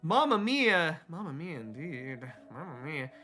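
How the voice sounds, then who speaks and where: A man streaming a video game, chatting casually and excitably with his viewers and joking around. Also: a little high, measured pace, faint music behind. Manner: excitable and jokey, reading chat aloud. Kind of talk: casual live-stream chat while gaming.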